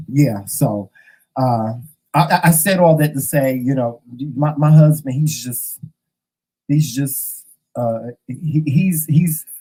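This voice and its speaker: A man hosting his own vlog, telling a story in a sassy, animated way straight to his viewers from a room at home. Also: medium pitch, slightly rough, low-quality recording. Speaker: vlog host. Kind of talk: casual chat to camera.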